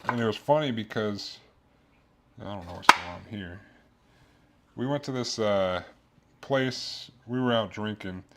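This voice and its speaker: A man's voice: fairly low pitch, a little slow, pauses often, very noisy. A young man streaming as he cooks in his kitchen, rambling through crude jokes and a long story as he works. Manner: rambling, crude jokes, talks while cooking. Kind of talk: casual cooking stream chat.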